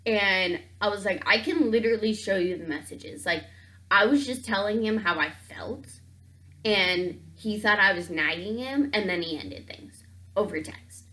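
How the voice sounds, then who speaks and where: Young woman vlogger, casual and animated, packs every line with "like", mid-range voice. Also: mid-range voice, unhurried. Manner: animated, says "like" constantly, acts out both sides of the talk. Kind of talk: casual storytime vlog.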